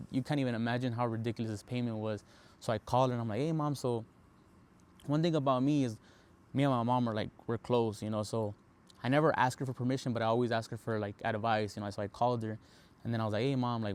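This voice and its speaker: Laid-back young man telling a story. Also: medium pitch. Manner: laid-back, lots of fillers, mixes in Spanish slang. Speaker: podcast host. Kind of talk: casual storytelling.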